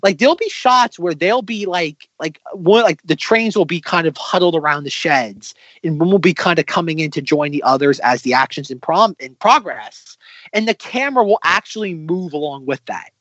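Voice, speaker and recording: A man's voice: on the high side, expressive, normal speed, a bit bright, dry recording. A man co-hosting a podcast in casual chat, rambling with lots of restarts. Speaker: podcast co-host. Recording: slightly dull, lo-fi recording.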